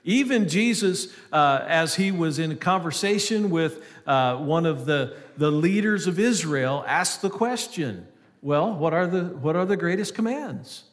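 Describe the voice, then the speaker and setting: A man's voice: fairly high pitch, animated, unhurried, long reverb tail. A male pastor giving an earnest sermon, reading scripture aloud between hesitant, restarting remarks.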